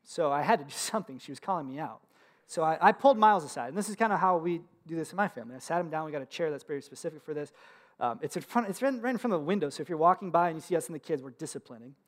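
A man's voice: a little high, lively intonation, rapid-fire. A man in his thirties preaching a sermon in a conversational storytelling way, with casual fillers and laughs. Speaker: pastor.

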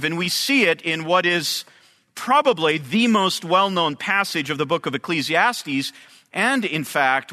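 A male preacher with a high, bright voice, teaching through a Bible passage in a measured, careful way. He speaks at an unhurried pace, and long reverb hangs on his words. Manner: measured teaching delivery, explaining Hebrew terms. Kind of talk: expository sermon.

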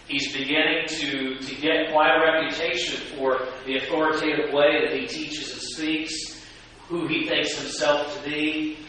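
Animated male preacher in an echoey church. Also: fairly high pitch, unhurried. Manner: animated, asks the congregation questions. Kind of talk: sermon. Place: church sanctuary. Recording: echoey church from a distance with hiss.

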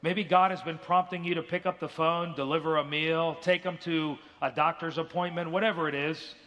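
A man's voice: a little high, steady tone, moderate pace, bright, forceful tone, big-room sound. A male pastor preaching an earnest sermon in a church, now and then acting out the voices of people in his stories. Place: church sanctuary.

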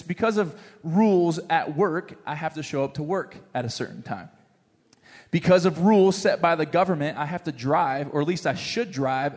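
Male preacher, high voice, animated joking storyteller, long hall reverb. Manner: animated storyteller, jokes with the congregation. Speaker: pastor. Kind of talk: sermon with a humorous story. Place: church hall with congregation.

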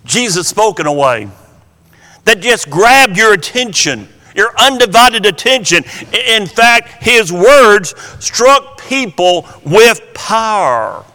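A man preaching a Bible-teaching sermon, slow and emphatic, often repeating his words for emphasis. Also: high-pitched, lively intonation, bright, forceful tone, in a large hall.

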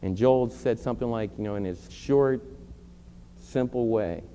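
Middle-aged man, pastor, earnest emphatic sermon, mellow tone, long hall echo. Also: mid-range voice, unhurried. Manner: earnest, emphatic preaching with confessional asides. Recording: long hall reverb, faint hum.

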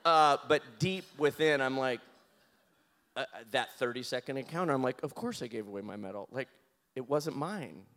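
A man being interviewed recounts something from his own life in a lively way. He laughs and performs his own lines, speaking at medium pitch and normal speed.

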